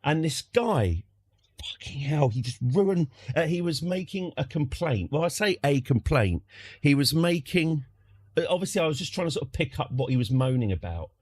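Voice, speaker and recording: A man's voice: on the high side, sing-song, moderate pace, a little mellow, breathy edge, no echo. A British man streaming from home, telling a casual story in a rambling, wry way with lots of restarts. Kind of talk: casual anecdote.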